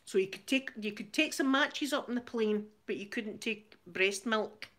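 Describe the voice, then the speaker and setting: A woman's voice: medium pitch, normal speed, fairly bright tone. A Scottish woman hosting her channel, telling a rambling story in casual chat, laughing often and repeating words as she goes. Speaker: channel host.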